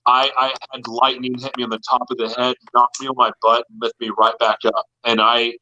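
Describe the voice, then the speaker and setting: Bright-voiced man telling an earnest story. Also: medium pitch, flat delivery, a little fast, lo-fi sound. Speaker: guest. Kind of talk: personal testimony in an interview.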